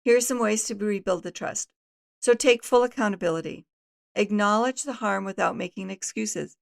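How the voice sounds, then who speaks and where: A woman's voice: mid-range voice, normal speed, gravelly. A middle-aged woman hosting an advice talk, giving earnest, instructive guidance in numbered steps. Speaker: host and family counselor.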